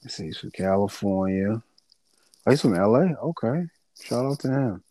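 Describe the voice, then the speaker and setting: A man's voice: on the low side, animated, normal speed, mellow, dry recording. A man co-hosting a casual sports talk show, playful and teasing, trailing off while he looks things up. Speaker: podcast co-host.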